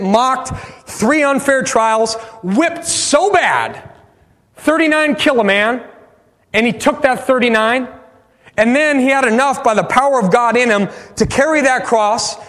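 A man preaching a sermon as pastor, passionate, swinging from loud bursts to hushed pleas. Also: extremely high pitch, a little slow, long reverb tail. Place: church sanctuary.

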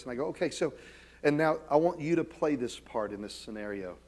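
A middle-aged pastor preaches a sermon in a mid-range voice at a quick pace. He uses self-deprecating humor, drops to quiet asides, and rises to loud, emphatic calls.

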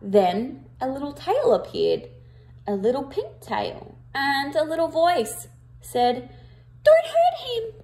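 A woman reading a picture book aloud to children, with expressive emphasis, and pausing to ask her listeners questions. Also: sits high. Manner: interactive, asks the listeners questions.

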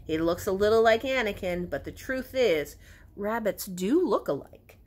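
A woman voicing a calm, fair-minded woman teacher from a children's storybook, speaking in a measured, thoughtful way. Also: mid-range voice, natural voice.

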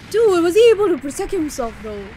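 A woman hosting an anime reaction video, exclaiming and shouting emotionally as she watches. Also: very high voice, big pitch swings, fairly quick, a little hiss or hum. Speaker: anime reaction channel host. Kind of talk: live reaction to an anime episode.

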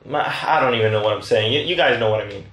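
A man casually commentating his own gameplay, excitable and rambling, trash-talking his opponents. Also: medium pitch, racing, reverberant. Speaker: gaming channel host.

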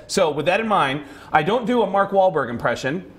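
A man's voice: sits high, normal speed. A male stand-up comedian being interviewed on a talk show, telling stories with lots of energy and dropping into voices. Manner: animated storyteller, slips into voices.

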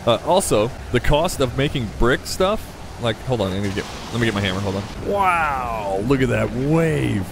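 A young man giving casual, chatty gameplay commentary, excitable and swearing freely as he talks to the game. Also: mid-range voice, fast talker, few pauses, noisy background. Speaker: gaming YouTuber. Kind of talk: casual let's-play commentary.

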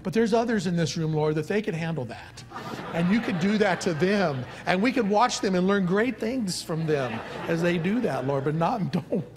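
A male pastor preaching a sermon in a jokey, animated way, acting out quotes. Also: high-pitched, normal speed, background noise.

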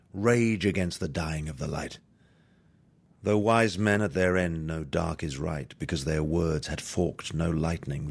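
Male actor, low raspy gravelly voice, slow dark persuasive poetry reading. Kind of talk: dramatic poetry recitation.

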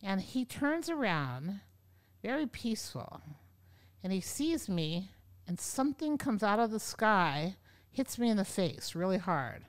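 A woman yoga teacher telling stories as an interview guest, animated and acting out the voices of people she quotes. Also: mid-range voice, a little slow. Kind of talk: storytelling in an interview. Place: podcast studio.

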